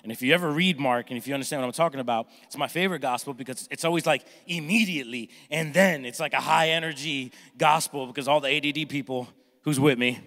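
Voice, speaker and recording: A middle-aged male pastor preaches with a bright, forceful voice that rings through a big reverberant hall. He talks with an energetic, jokey delivery and acts out his family by shouting their lines. His pitch sits a little high for a man. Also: fast talker. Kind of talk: sermon. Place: church sanctuary with congregation.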